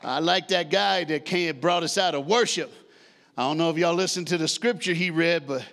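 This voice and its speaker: A man in his sixties preaching a lively sermon, leading the congregation in call-and-response, shouting and half-singing at the peaks and joking in between. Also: high-pitched. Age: 60s. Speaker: guest preacher.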